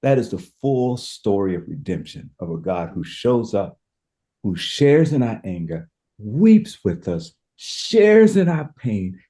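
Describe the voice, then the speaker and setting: A man's voice: fairly low pitch, big pitch swings, slow, mellow. A man speaking as a pastor and podcast guest, telling a scripture story with emphatic, preacher-style passion and repeated words as he builds each point.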